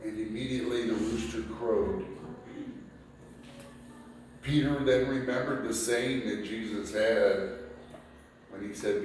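A man preaching a sermon, reading scripture passages aloud and explaining them in a slow, deliberate way. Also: on the low side, darkish tone, slight background noise. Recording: echoey room picked up from a distance.

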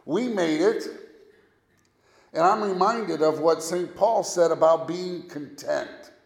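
A man preaching a sermon as a pastor, speaking deliberately and leading his listeners through recited scripture. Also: on the high side, creaky. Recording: echoey room.

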